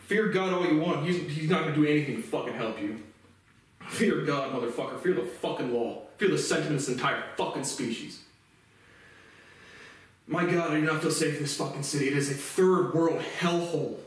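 A man's voice: on the high side, a little fast. Male host, angry profane monologue, echoey room, distant mic. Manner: furious, profane, repetitive.

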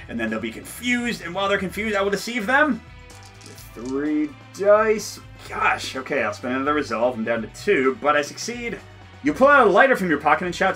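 A man's voice: a little high, very animated, a little fast, bright, forceful tone, soft background music. A man playing through a solo board game, reading the story text aloud and joking between rolls, often laughing.

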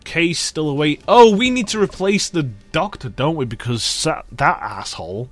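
A man's voice: fairly high pitch, expressive, normal speed, faint music behind. A young man casually commentating his gameplay, exasperated and ranting, swearing at the game. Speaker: let's play gamer.

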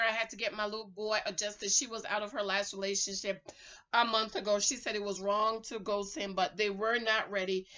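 A middle-aged woman giving a casual, sassy recap of a reality show and breaking into loud exclamations. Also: mid-range voice, muffled recording.

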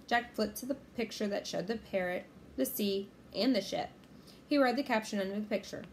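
A woman reading a children's storybook aloud with steady, expressive narration. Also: medium pitch, moderate pace, creaky, slight background noise. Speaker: reader.

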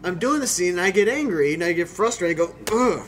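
Brief: young man, high voice, rambling profane storyteller, casual commentary co-host. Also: expressive, quick pace, fairly bright tone, slight background noise. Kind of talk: casual riffing over a film.

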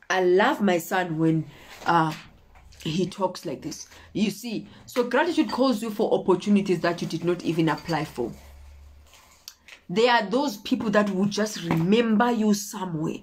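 A woman delivers a motivational sermon in a mid-pitched voice. She repeats her main points insistently and often pauses to ask her listeners if they follow. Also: slight background noise. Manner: repetitive, exhorting, often checking in with "okay?". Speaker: preacher.

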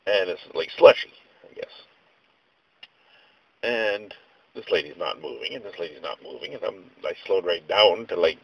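A man's voice: low-pitched, expressive, normal speed, creaky, long pauses, fairly bright tone, breathy edge, no room sound, low-quality recording. A man vlogging a casual rant, telling stories in a rambling, exasperated way with mild slang.

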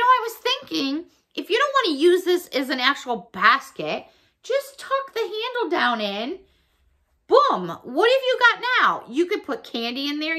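A high, bright woman's voice that leaps all over the place as she gushes over each find. She talks in a casual, excitable way, squealing with delight. She is from the United States. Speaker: vlogger showing a shopping haul. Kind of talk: casual haul video talk.

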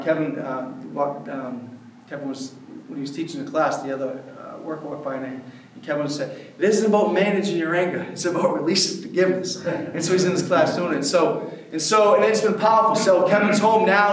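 A man's voice: fairly high pitch, slight background noise. A man who works in prison ministry tells stories to a church men's group in a casual, rambling way full of fillers. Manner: casual, filler-heavy, with many "like"s. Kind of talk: storytelling talk to a church group. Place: church hall. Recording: very echoey hall, mic far off.

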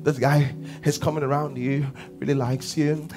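A Nigerian pastor with a high, bright voice preaches a sermon to his church. He poses questions and answers them, dropping to hushed asides and then rising to shouts, while faint music plays underneath. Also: little pitch movement, moderate pace.

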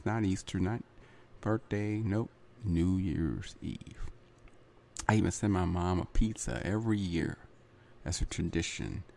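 A man's voice: lowish voice, gravelly, mellow. A man hosting his own podcast, talking in a chatty solo monologue full of repeats and asides like "right?" and "you know". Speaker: podcast host.

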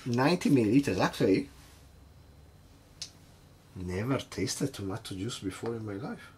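A man's voice: fairly low pitch, animated, moderate pace, a little mellow, a little hiss or hum. A man hosting a casual cocktail-making vlog at his home bar, chatty and hesitant, nervously poking fun at himself. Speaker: home bartender host.

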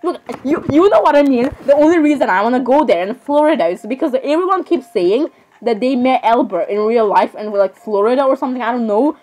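A woman's voice: sits high, expressive, a little fast, a little mellow, low-quality recording. A teenage girl chatting casually on her vlog, rambling and dramatic, full of restarts and repeated apologies. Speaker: vlogger.

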